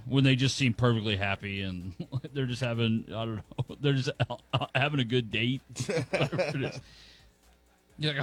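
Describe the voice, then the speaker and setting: A man co-hosting a casual podcast chat, wry and quick to tease. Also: mid-range voice, fairly bright tone, soft background music. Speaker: podcast co-host.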